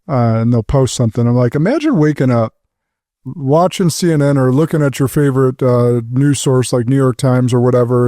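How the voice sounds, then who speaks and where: A man's voice: medium pitch, dark tone, no room sound, studio quality. A man on a podcast panel making his point in casual chat, emphatic and repeating words as he builds his argument.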